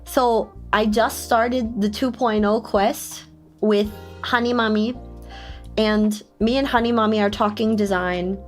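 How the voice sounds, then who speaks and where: A young woman streams and chats casually, her voice sitting a little high. She is excitable and breaks into giggles often. Soft music plays faintly underneath. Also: unhurried. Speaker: VTuber streamer. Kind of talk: casual live-stream chat. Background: faint background music.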